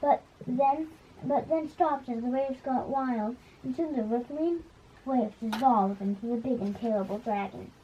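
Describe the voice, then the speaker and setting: Woman storyteller for a puppet show; high-pitched, halting delivery with restarts, in a muffled recording. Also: mellow, a little hiss or hum. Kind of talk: reading a fairy tale for a puppet show.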